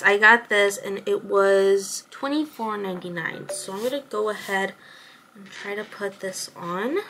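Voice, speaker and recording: A woman's voice: medium pitch, pushed and bright, slight background noise. A young woman chatting casually to her camera in a rambling vlog, with lots of ums and likes. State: out of breath. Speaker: vlogger.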